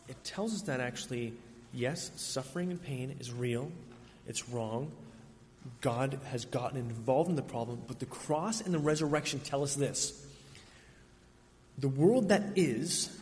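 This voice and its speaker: Earnest male preacher in a reverberant hall. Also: mid-range voice. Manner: earnest, emphatic, with dramatic pauses. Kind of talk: sermon. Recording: reverberant hall, faint ambient noise.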